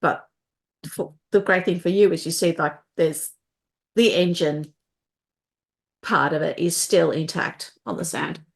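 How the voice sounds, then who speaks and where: A woman's voice: lowish voice, unhurried, vocal fry, pauses often. Woman game master narrating casually. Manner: relaxed, conversational narration with fillers.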